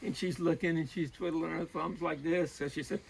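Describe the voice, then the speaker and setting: A man telling a long, rambling joke in a halting way, often restarting and laughing at himself. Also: fairly high pitch, steady tone, creaky, breathy edge, poor audio.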